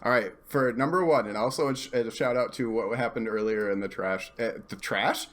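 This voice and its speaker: A male podcast host in casual chat, animated and self-deprecating, who laughs often. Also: medium pitch, a little fast.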